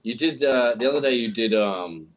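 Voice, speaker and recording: A man's voice: mid-range voice, expressive, moderate pace, muffled recording, a little hiss or hum. A man co-hosting a casual live stream, joking and swearing freely, talking through a headset mic. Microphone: headphones with mic.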